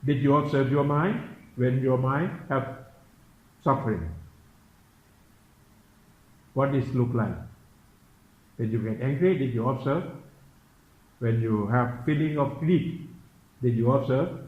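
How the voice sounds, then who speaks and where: A man giving a Buddhist dharma talk, slowly and repetitively questioning his listeners in simple English. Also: medium pitch. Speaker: Buddhist meditation teacher. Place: temple teaching hall. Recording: echoey, dull room recording.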